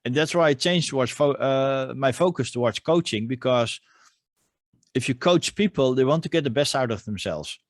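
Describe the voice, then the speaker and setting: A man's voice: medium pitch, moderate pace, no room sound, clean studio sound. Hesitant male coach hosting. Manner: hesitant, many "uh" fillers. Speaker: podcast host and coach. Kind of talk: interview conversation.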